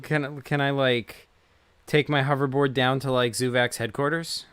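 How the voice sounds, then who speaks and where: A man's voice: mid-range voice, flat delivery, moderate pace, a bit bright, smooth, dry recording. A man playing a tabletop game, asking stammering, hesitant questions. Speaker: player. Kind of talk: casual tabletop game play.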